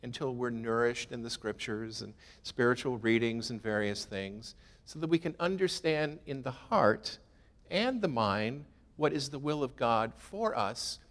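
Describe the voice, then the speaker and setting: Male pastor, mid-range voice, casual sermon delivery with asides; long hall reverb. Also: medium pitch. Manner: conversational, rhetorical questions, self-deprecating humor.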